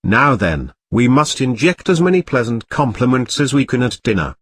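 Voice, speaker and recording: A man's voice: mid-range voice, big pitch swings, moderate pace, fairly bright tone, dry recording. A man reading a storybook parody, voicing a blustering, bossy middle-aged uncle. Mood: scornful. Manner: gruff, bossy and spiteful.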